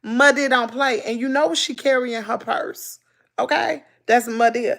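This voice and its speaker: A woman with a Mississippi Southern accent chats casually with her livestream viewers, telling stories in country slang. Her voice sits high and carries a gravelly fry. She talks in an animated way and answers comments as she reads them. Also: moderate pace. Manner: animated storytelling, loud laughter, country slang. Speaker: livestream host.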